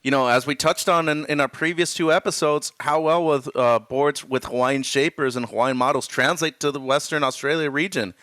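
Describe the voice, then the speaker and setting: Smooth-voiced male co-host analyst. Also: a little high, steady tone, moderate pace, few pauses, pushed and bright, no echo, clean studio sound. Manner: rambling, filler-laden, upbeat. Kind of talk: casual analysis chat.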